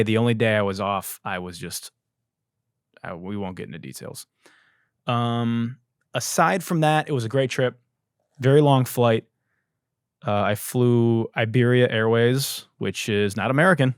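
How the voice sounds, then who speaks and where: A man's voice: mid-range voice, dry recording, clean studio sound. A man hosting a comedy podcast, delivering a rambling, profane monologue. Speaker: podcast host.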